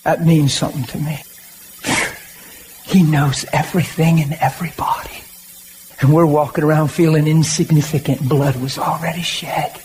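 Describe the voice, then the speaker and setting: High-voiced man preaching a plain-talking sermon. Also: flat delivery, moderate pace, a little mellow, slight background noise. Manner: conversational, emphatic preaching with rallying asides.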